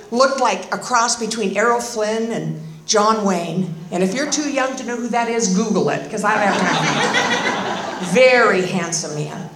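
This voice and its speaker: An older woman from Northern California shares her story at a recovery meeting, wry and self-deprecating, full of chatty asides. Her voice is high, and the sound rings in an echoey room. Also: a bit bright. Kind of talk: personal storytelling talk.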